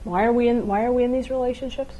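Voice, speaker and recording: A woman gives a talk on how couples communicate. She keeps it casual and conversational, and she acts out quick exchanges between partners to show each point. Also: fairly high pitch, fairly even intonation, lo-fi sound. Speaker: relationship speaker.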